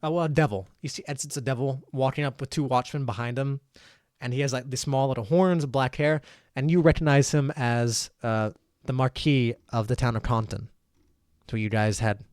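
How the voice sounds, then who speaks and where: A man's voice: medium pitch, steady tone, normal speed, darkish tone, no room sound, studio quality. A man narrating as game master in a casual, rambling way. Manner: casual, rambling, many fillers.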